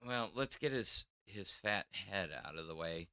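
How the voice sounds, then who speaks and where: Slow, bright-voiced man chatting on a livestream. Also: low-pitched, lively intonation, smooth, no echo, clean studio sound. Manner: rambling, with stammered restarts. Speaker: podcast co-host. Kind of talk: casual livestream chat.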